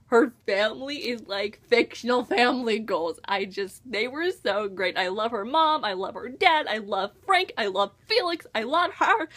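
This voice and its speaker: An American teenage girl chatting about a book she loved in a casual vlog. Her voice sits a bit high and swings up and down with excitement as she gushes. She scatters "like" and "oh my gosh" through every sentence. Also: normal speed, few pauses. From United States. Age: teens. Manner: gushing, enthusiastic, full of "like" and "oh my gosh". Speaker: book reviewer.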